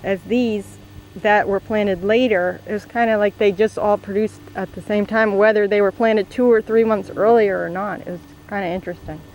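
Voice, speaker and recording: A woman's voice: medium pitch, fairly even intonation, brisk, hardly any pauses, a little mellow, poor audio. A woman hosting a casual garden tour outdoors, asking lots of questions. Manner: curious, asks many questions. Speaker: host. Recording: outdoor recording with clear background noise.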